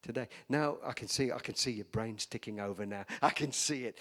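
A man's voice: mid-range voice, a little fast, fairly bright tone. A man preaching a sermon in a church, emphatic and calling for amens from the congregation. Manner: emphatic, call-and-response preaching.

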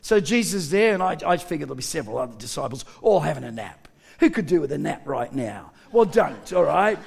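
A middle-aged man preaching a sermon to his congregation, joking with them and shouting key points for emphasis. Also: on the high side, very animated, brisk, vocal fry, husky. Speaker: pastor.

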